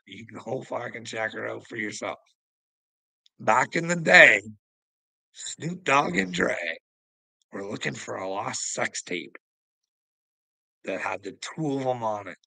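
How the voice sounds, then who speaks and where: A man's voice: mid-range voice, creaky, sharp tone, no room sound, rough recording. A middle-aged man hosting a livestream, rambling in casual chat, laughing often and swearing as he talks to viewers. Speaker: livestream host.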